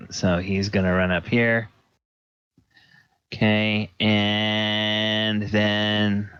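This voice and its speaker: Low-voiced man running a tabletop game slowly, on a dull lo-fi recording. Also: fairly bright tone, smooth, no room sound. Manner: unhurried, hesitant, many fillers. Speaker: dungeon master. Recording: dull lo-fi audio.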